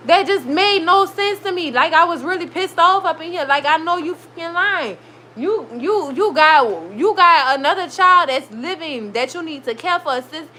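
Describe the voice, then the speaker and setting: A high, bright-voiced young woman rants through a TV recap from her room at home. She talks in an animated way and swears freely. A faint hiss sits under her voice. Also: moderate pace, poor audio. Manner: animated, swearing, heated reactions. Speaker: recap show host. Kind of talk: casual TV recap vlog. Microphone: recorded.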